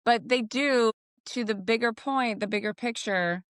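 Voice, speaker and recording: A woman's voice: fairly high pitch, a little slow, clean tone, no room sound. Guest, woman reporter, reflective and encouraging, dry mic. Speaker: podcast guest, sports reporter. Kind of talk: casual chat.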